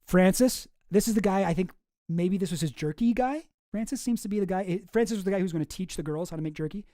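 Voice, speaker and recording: A man's voice: high-pitched, fast, mellow, no echo, clean studio sound. A man hosting a casual commentary show, reading emails aloud with chuckling asides. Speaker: host.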